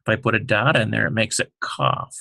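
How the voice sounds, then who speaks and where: A man teaching the Hebrew alphabet, talking slowly with many fillers as he writes out each letter. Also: on the low side, steady tone, creaky, bright, forceful tone, no room sound. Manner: slow, halting, many fillers, explains while writing. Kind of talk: unscripted alphabet lesson.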